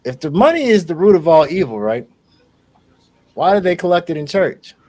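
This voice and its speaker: On a podcast, a male co-host with a fairly high voice chats casually at a moderate pace. He's an animated storyteller who swears freely and acts out the quotes in his stories.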